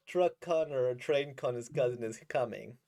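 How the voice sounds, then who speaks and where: A man's voice: medium pitch, unhurried, mellow. A man giving casual, rambling commentary as he reacts to a manga he is reading, enthusiastic and laughing often.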